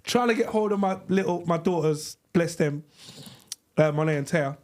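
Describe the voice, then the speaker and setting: A man, a podcast co-host telling lively, laughing stories in casual slang. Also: fairly high pitch, moderate pace. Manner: animated, laughing storyteller with slang. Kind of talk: casual storytelling with friends. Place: live podcast studio.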